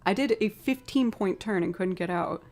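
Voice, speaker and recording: A woman chatting with her stream viewers, telling a story in an animated way and acting out the voices of the people in it. Her pitch sits in an ordinary middle range. Faint music plays underneath her. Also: moderate pace. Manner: animated storytelling, acting out both sides of a conversation. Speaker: livestream musician. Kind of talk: casual chat with live stream viewers.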